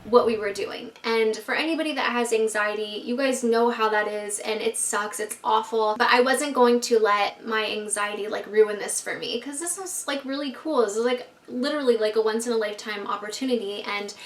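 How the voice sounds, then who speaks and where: A young woman vlogger telling a storytime tale in a casual, animated way, swearing often and acting out her own panic. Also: on the high side, normal speed, hardly any pauses, distant mic. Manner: animated, profane and self-dramatizing. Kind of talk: storytime vlog. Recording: roomy echo, voice set back from the mic.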